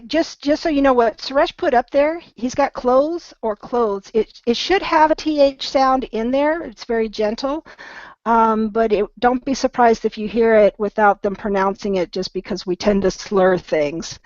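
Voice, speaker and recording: A woman teaching an online English lesson, patiently correcting pronunciation and slowing down to model words. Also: on the high side, dry recording. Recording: dull, slightly lo-fi sound.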